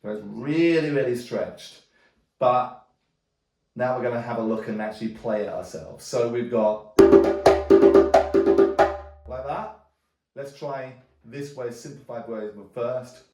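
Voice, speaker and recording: A man's voice: medium pitch, moderate pace, loud music behind the voice. Man teaching djembe, roomy and distant. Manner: relaxed, thinking aloud with many restarts. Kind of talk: casual music lesson. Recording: roomy sound from a distance, drumming around speech. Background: djembe drumming.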